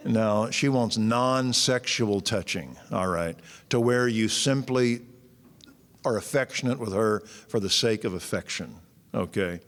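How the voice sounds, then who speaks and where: A man, preaching a sermon in a folksy, blunt and joking way. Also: mid-range voice. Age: 60s. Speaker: pastor. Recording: long church-hall reverb.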